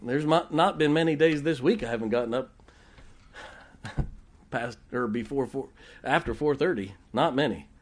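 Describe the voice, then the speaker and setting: A man's voice: medium pitch, normal speed. A man preaching a sermon as pastor, telling folksy stories and joking with his congregation.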